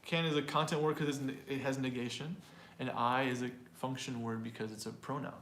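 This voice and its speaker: A man's voice: medium pitch, fairly even intonation, a little fast, fairly bright tone, roomy sound, slight background noise. A man teaching an online English pronunciation class. He explains in a talkative way and often repeats or restarts words.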